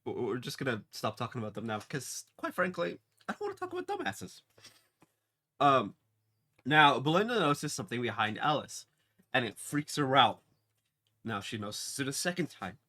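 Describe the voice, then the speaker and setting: A man's voice: mid-range voice, expressive, normal speed, sharp tone. A man casually recapping a TV episode, rambling with many fillers and restarts. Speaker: TV episode reviewer.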